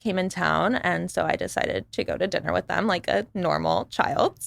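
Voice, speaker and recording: Gravelly woman guest telling a dating story. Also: fairly low pitch, moderate pace, no room sound. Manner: animated, quotes others, lots of "like". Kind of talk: casual storytelling.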